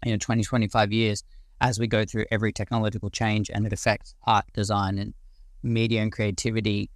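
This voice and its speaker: A man's voice: lowish voice, flat delivery, a little fast, no room sound. A man in his forties with an Australian accent, a guest speaker in a casual live audio discussion, ranting passionately and rambling with some casual swearing.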